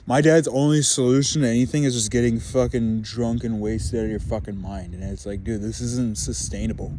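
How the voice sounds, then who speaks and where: A man's voice: mid-range voice, background noise. A young man ranting to the camera about being stuck at home, swearing constantly and piling up filler words in a frustrated, venting tone. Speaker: vlogger.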